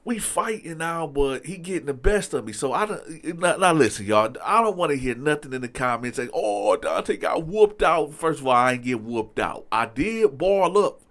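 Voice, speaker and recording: Man, casual storytime monologue, animated, addresses the audience, swooping expressive pitch. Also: normal speed, few pauses. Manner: animated, talks straight to the audience, lots of fillers. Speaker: storyteller host.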